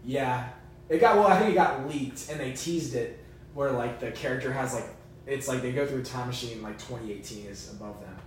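A man's voice: mid-range voice, a little fast, a little hiss or hum. A young man co-hosting a podcast in casual chat, laid-back and enthusiastic, rambling as he talks. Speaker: podcast co-host. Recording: echoey room, distant mic.

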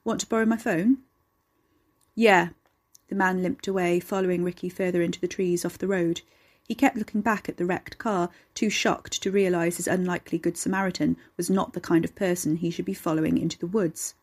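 Low-pitched and husky, a woman reads a dark storybook tale in a steady, measured way, holding an even narrative pull throughout.

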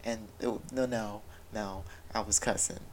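Gravelly guy talking straight from the heart about his faith, stops and restarts a lot, faint hiss behind. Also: lowish voice, steady tone, a little slow, rough recording. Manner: earnest, confessional, with many restarts. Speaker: father sharing a personal story. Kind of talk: candid personal talk about faith.

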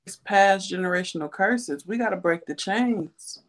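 A woman on a casual panel, speaking calmly and in a preacherly way. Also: medium pitch, moderate pace.

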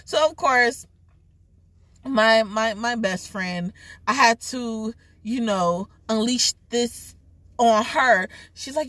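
A young adult woman vlogger telling a casual story in an animated, overly dramatic way. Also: on the high side, slow pace, no echo. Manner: self-described overly dramatic, animated retelling.

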